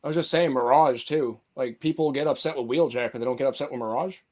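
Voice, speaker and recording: A man's voice: medium pitch, fast, a crowd in the background. A man in casual panel chat, talking in a hesitant, hedging way. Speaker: panel guest.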